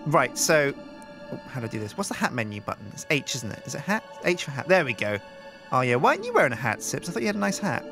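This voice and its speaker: A man hosting a game let's play, chatting in an animated, rambling way and thinking aloud. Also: medium pitch, fast talker, soft background music. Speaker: host.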